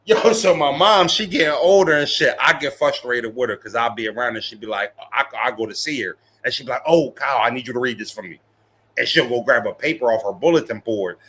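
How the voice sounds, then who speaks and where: Slangy, bright-voiced male streamer. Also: mid-range voice, brisk, few pauses, slightly rough. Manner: slangy, profane, laughs often, talks to chat. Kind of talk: casual live-stream commentary.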